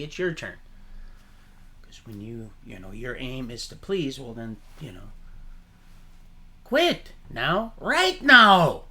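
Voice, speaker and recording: Gravelly, lively man preaching on stream. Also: medium pitch, a little hiss or hum. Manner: animated, preachy, jumps between topics; laughs often at his own remarks. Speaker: livestream host. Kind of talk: rambling livestream monologue.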